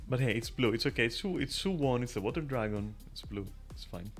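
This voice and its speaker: A man's voice: mid-range voice, lively intonation, fairly quick. A man giving casual gameplay commentary, chatty and swearing offhand, breaking into laughter often. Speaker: gamer. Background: faint game music.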